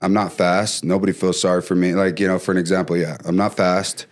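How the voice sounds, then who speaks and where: A man talking as a podcast guest, telling stories casually with lively bursts and frequent restarts. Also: low-pitched, fairly quick. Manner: animated, trails off and restarts often. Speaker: podcast guest, former pro football player. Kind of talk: casual storytelling.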